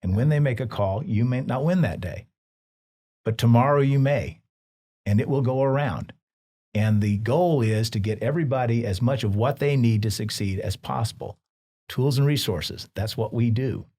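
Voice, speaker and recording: A man hosting a podcast, giving reflective, measured advice in conversation. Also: mid-range voice, warm tone. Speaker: podcast host.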